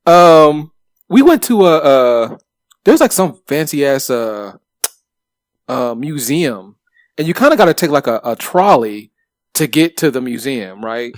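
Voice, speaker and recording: A man in his thirties co-hosting a podcast, telling stories in a lively way with plenty of swearing and fillers. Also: medium pitch, dry recording, clean studio sound. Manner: animated, swears freely, lots of fillers. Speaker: podcast co-host. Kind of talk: casual chat, storytelling.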